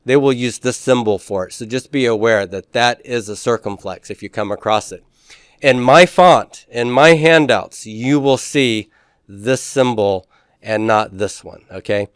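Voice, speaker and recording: A man teaching a classroom lecture in a relaxed way, with frequent fillers and restarts. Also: medium pitch, a little slow, clean tone, dry recording, studio quality.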